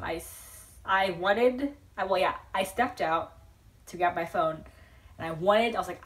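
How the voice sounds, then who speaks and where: Her voice on the low side, the young vlogger rambles through an excited storytime, giggling often and filling it with restarts and filler words.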